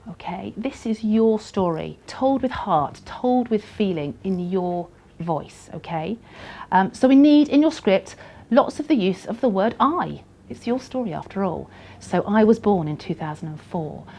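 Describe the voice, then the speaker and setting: A woman talking through story-writing tips. Her voice sits at an ordinary middle pitch. She punches the important words with energy and now and then slips into a near-whisper to make a point. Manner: lively, emphatic, often drops to a soft aside. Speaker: storytelling tutor. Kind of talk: instructional talk to camera.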